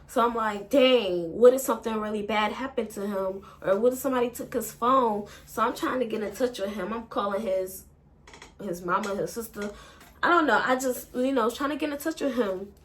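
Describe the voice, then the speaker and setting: A woman's voice: fairly high pitch, moderate pace, slight background noise. A woman vlogger, telling a breakup story in a rambling, emotional way and swearing a lot. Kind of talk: casual storytime.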